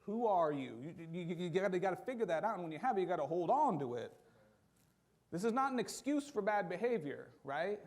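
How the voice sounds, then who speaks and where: A man preaching in a church, his voice gravelly with a touch of fry and pitched a little high for a man. He delivers the sermon in a loose, conversational way, animated and fond of acting out little quotes. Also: fast talker. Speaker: pastor.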